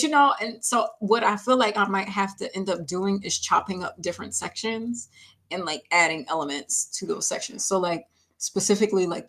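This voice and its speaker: A woman's voice: lowish voice, a bit bright. A woman singer chatting casually on a livestream while mixing her own vocals, laughing often and saying "like" a lot. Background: faint music playback.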